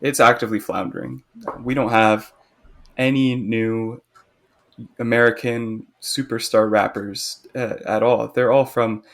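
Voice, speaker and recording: A male podcast co-host who talks at length and is firm in his views, often ribbing his partner. His voice sits at a middle pitch. It has a gravelly, creaky texture. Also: steady tone, measured pace. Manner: opinionated, talkative, teasing. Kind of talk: casual chat.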